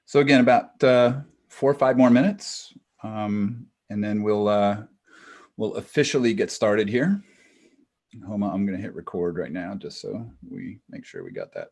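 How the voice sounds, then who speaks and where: A relaxed middle-aged man welcomes people by name before a webinar starts. His voice sits low and a little husky, heard over a video call. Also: normal speed. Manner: relaxed, chatty, greets attendees by name. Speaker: webinar co-host. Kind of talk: casual greetings before a webinar.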